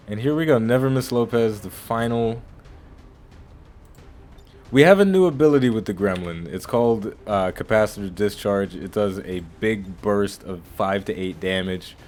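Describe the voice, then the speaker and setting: Deep-voiced man rambling over gameplay. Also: darkish tone, a little hiss or hum. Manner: rambling and chatty, often restarting phrases. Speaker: gaming channel host. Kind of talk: casual let's-play commentary.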